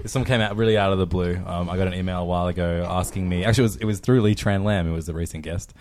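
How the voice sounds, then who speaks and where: Deep-voiced man, dry humor. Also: steady tone, racing, darkish tone. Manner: dry, self-deprecating humor. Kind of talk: casual chat.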